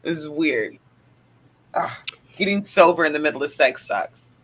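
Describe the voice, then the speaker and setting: A woman's voice: sits low, expressive, unhurried, fairly bright tone, slightly rough. A woman in her thirties chatting casually on a panel, blunt and profane. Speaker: panel guest. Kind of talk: casual chat.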